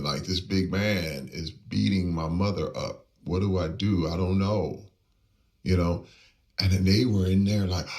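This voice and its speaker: A man from the American Midwest, a guest in an interview, telling a personal story with emphasis and acting out the lines he quotes. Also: recorded from a distance. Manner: emphatic, acts out quoted lines, pitch swings up when stirred.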